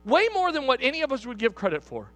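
High, bright-voiced man preaching emphatically. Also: wildly swooping pitch, quick pace. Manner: emphatic, repeats and asks the congregation questions. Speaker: pastor. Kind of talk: sermon. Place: church hall.

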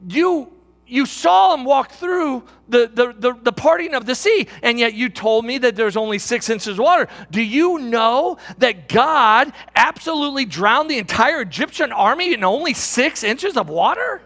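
A man voicing an excited young male Bible believer who gushes with eagerness. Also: very high voice, moderate pace, creaky, exaggerated voice. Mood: thrilled. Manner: eager, gushing.

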